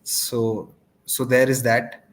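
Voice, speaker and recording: A man giving measured, explanatory cricket analysis on a live watchalong. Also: medium pitch, flat delivery.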